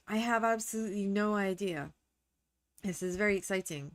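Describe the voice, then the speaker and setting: A woman VTuber giving excitable, playful game commentary from her home gaming corner, swearing freely. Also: medium pitch, moderate pace, no echo. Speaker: VTuber streamer.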